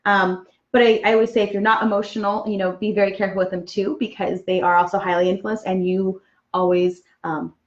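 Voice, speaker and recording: A woman practitioner explaining a concept in casual chat, checking in often with "okay?" and pausing on fillers. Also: mid-range voice, flat delivery. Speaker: Human Design practitioner. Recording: roomy, dull lo-fi sound.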